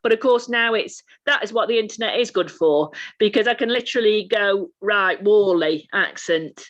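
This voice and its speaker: A woman's voice: a little high, a little fast. A woman with a Lancashire accent, an actor, chatting casually and laughing between her points on a video call. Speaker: actor guest. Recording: dull lo-fi video call audio.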